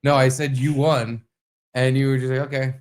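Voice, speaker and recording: A man co-hosting a casual podcast, telling a story with lots of swearing. His pitch swings widely, jumping up high whenever he acts out what someone said. His voice sits in a middle register. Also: fairly even intonation, moderate pace, darkish tone. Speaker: podcast co-host. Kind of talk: casual chat.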